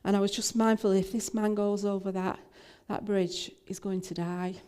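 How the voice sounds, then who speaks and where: Older woman telling a story, mellow voice. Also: medium pitch, little pitch movement, normal speed, smooth. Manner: warm storytelling with many fillers and restarts. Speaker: minister. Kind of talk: personal testimony talk.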